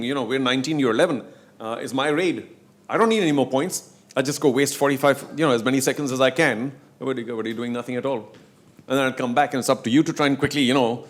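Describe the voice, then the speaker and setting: A middle-aged man, telling stories in casual talk on stage and acting out quotes and chants. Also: medium pitch. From India. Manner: animated storyteller, acts out quotes and chants. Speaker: guest speaker on sports leagues.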